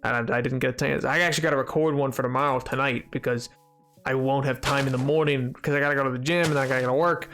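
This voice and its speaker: A young man streaming a survival game, chatting casually with his viewers, joking and bragging in a rambling way with quick laughs. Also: mid-range voice, fairly even intonation, fairly bright tone, soft background music. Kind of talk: casual chat while playing a game.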